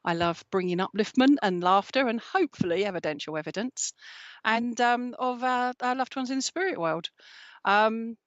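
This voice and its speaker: A woman livestreams as a spiritual medium, chatting casually and warmly greeting viewers with lots of ums and terms of endearment. Her voice is fairly high and her pace normal. The recording is dry, echo-free, and a little dull.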